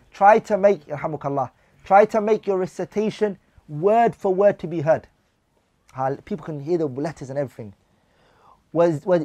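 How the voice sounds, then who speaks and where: A man's voice: on the high side, dark tone, dry recording. A man teaching a religious class, reading lines of Arabic text and then explaining them in English while putting questions to his listeners.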